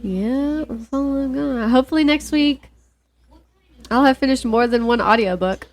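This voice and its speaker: A woman's voice: sits high, moderate pace. An American woman co-hosting a casual book podcast, agreeable and upbeat, often trailing off mid-thought. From United States. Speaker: podcast co-host. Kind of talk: casual chat about audiobooks.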